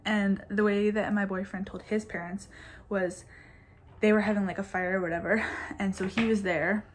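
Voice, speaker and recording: A woman's voice: medium pitch, steady tone, normal speed, slight background noise. Chatty young woman telling a story. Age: 20s. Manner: chatty, says "like" constantly, laughs between bits. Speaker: vlogger. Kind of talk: casual storytime chat.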